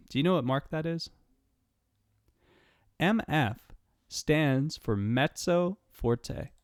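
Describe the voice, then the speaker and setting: A man's voice: mid-range voice, a little mellow, no echo, studio quality. A man teaching a step-by-step piano lesson, patiently counting and naming notes aloud as he plays. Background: piano playing.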